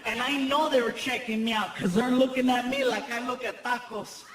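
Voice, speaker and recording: A man with a strikingly high voice tells a long stand-up story before a live theater audience. He acts out the people in it as he goes. The live recording carries clear audience noise under his voice. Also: brisk. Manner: animated storyteller who acts out other characters' voices. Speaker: stand-up comedian.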